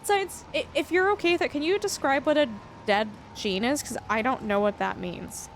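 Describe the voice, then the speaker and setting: Higher-voiced woman streamer rambling to chat, faint game hum behind. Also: normal speed. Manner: chatty, reads chat aloud, laughs often. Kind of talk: casual livestream chat while gaming.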